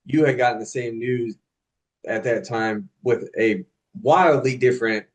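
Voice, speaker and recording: A man co-hosting a podcast who asks a question in a halting, casual way, with many fillers and restarts. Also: medium pitch. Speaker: podcast co-host. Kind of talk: casual conversation.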